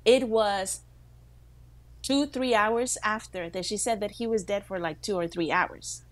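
A woman co-hosting a faith talk show, telling a story with lively quoted voices. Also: mid-range voice, a little slow, dry recording. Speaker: co-host.

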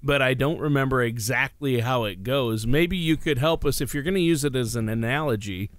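A man's voice: medium pitch, brisk, no echo. A man co-hosting a radio talk show, chatting in an easygoing way with many uh fillers. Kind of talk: casual chat.

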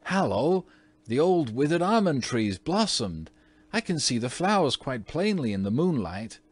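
A man's voice: high-pitched, steady tone, measured pace, pitched above the performer's own voice. A man doing shrieking young twin boys. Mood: excited. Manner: shrieking, exclaiming. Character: excited young boy twins, mischievous.

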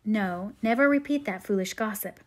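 A woman reading as a gentle, grave mother. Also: medium pitch, moderate pace, natural voice. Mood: tender. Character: gentle, wise middle-aged mother.

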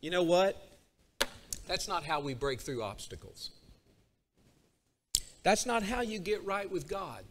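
Animated high-voiced male preacher. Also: a little slow, long pauses, background noise. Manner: animated, acts out a character's complaints. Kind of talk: sermon. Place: church sanctuary.

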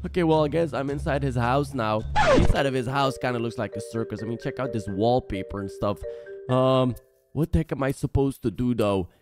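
A young man narrating a horror game he is playing, jumping between hushed muttering and startled yelling. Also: mid-range voice, expressive, a little fast, over music. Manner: jumpy, exclaiming, swings between hushed and yelling. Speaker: gaming channel host.

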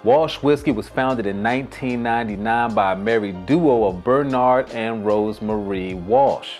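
A man's voice: mid-range voice, lively intonation, vocal fry, darkish tone, faint music behind. Chatty man hosting a whiskey vlog. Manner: chatty and joking, with quick asides. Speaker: host. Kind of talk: casual whiskey review vlog.

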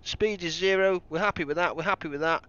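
A man's voice: high voice, fast, sharp tone, smooth, dry recording, muffled recording. A man doing live commentary on a game he is playing, thinking aloud and joking at his own mistakes. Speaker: game streamer.

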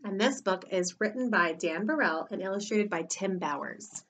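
A woman teacher reading a picture book aloud for preschool children, in an expressive, animated way. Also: mid-range voice, normal speed, slight background noise. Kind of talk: storybook read-aloud for children.

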